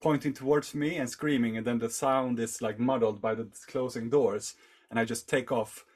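A man's voice: medium pitch, fairly even intonation, normal speed. A man telling a long story in casual conversation, rambling and leaning on fillers. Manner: rambling, heavy on fillers like "like" and "you know". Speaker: podcast guest.

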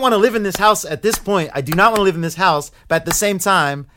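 A young man, a guest in a casual interview, telling a story in an animated way that gets loud when he acts out anger. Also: sits high, fast, slight background noise.

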